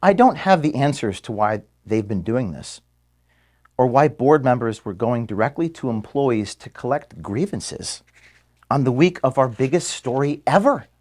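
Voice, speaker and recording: A man recording an emotional statement to his staff from an office, earnest and close to tears, his voice sinking low and quiet at times. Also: expressive, normal speed. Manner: earnest, voice dropping low and quiet when moved. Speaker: organization founder addressing staff.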